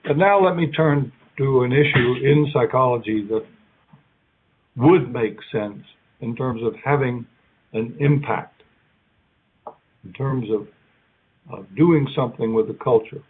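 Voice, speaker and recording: A man giving an academic keynote lecture in a conversational, halting way, now and then acting out short quoted lines. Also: mid-range voice, breathy edge. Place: lecture hall. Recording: tinny phone-like sound.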